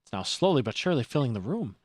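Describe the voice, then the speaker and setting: A man's voice: mid-range voice, big pitch swings, quick pace, a little mellow. A young man streaming a video game, reading the dialogue aloud and chatting with wry asides.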